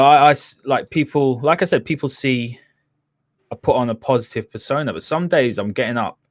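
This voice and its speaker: A man's voice: medium pitch, dry recording. Frank man, dry sound. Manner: frank, earnest, direct. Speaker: podcast guest. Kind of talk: candid conversation.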